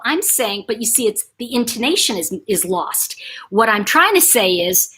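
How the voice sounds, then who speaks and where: A woman from Buffalo, New York hosting a livestream chat, animated and acting out quotes as she talks. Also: fairly high pitch, a little fast, slightly rough. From Buffalo, New York, USA. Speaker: channel host.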